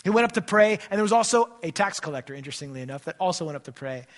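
A man's voice: lively intonation, very fast. Dynamic preaching pastor, man. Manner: dynamic preaching, swings between loud emphatic and soft low passages. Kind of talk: sermon with closing prayer. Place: church.

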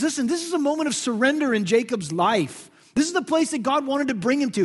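Husky high-voiced preacher in echoing hall. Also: male voice. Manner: dramatic, swings from hushed to loud. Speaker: pastor. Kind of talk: sermon.

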